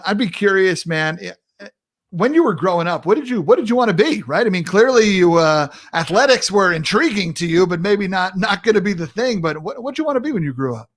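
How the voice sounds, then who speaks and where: A man hosting a podcast interview in a casual chat, playful and quick to laugh. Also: high voice, very animated. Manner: playful, laughs often, jokes around. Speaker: podcast host.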